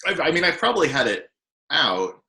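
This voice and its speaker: A man's voice: on the high side, sing-song, moderate pace, bright, forceful tone. A man playing a tabletop game, describing his moves with hesitation as he works them out. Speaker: player. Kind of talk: casual tabletop game play.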